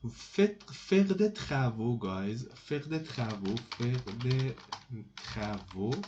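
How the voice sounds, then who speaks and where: Slow, mellow-voiced man teaching French. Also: medium pitch, slight background noise. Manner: slow and repetitive, restarting phrases often. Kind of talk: slow explanatory lesson. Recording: dull lo-fi recording with keyboard typing.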